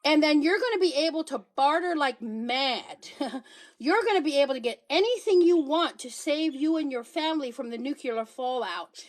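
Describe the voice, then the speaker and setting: A woman's voice: high voice, expressive, moderate pace. A middle-aged woman hosting a casual live stream, demonstrating a product in a chatty, repetitive way with a joking hard sell. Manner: chatty, repeats herself, jokey hard sell. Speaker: TikTok live seller.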